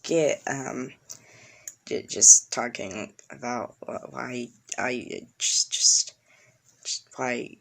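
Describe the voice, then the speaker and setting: A man's voice: mid-range voice, slow, gravelly, bright, forceful tone. A man telling a story casually to viewers, rambling with many restarts. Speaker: video creator.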